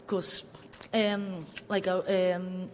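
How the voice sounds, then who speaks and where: A woman's voice: lowish voice, level tone, extremely slow, darkish tone, a little hiss or hum. A woman speaking on a public panel in a cultural centre hall. She talks hesitantly, with many fillers. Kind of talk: public talk in a panel discussion. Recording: long hall reverb.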